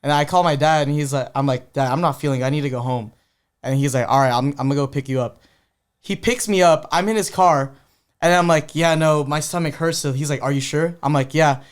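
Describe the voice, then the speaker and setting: A man's voice: on the high side, a little fast. An eighteen-year-old man from the Bay Area, a podcast guest telling stories in a laid-back, casual way. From San Francisco Bay Area. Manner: laid-back storytelling, lots of filler "like". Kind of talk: casual chat.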